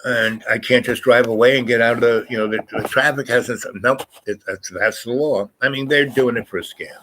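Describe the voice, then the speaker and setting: A man telling a long casual story, rambling and animated, acting out the voices of the people he quotes. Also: mid-range voice, normal speed, slight background noise, poor audio. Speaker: storyteller host.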